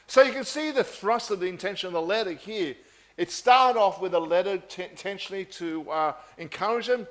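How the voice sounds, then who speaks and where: A man preaching a sermon in an earnest, measured way, often repeating phrases for emphasis. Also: high voice, expressive, a bit bright.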